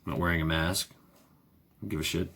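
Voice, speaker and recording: A man's voice: low voice, fairly even intonation, fast, gravelly, a bit bright, husky. A man vlogging in a sarcastic ranting monologue, repeating himself, swearing freely and firing off rhetorical questions.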